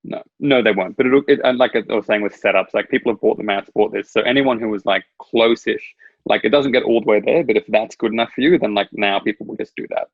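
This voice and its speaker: A man talks quickly and casually, rambling through anecdotes with a slightly husky, low voice. The sound is dry and a bit dull, like lo-fi video call audio. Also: dry recording. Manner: rambling storyteller, laughs at his own anecdote. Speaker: guest. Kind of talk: casual chat.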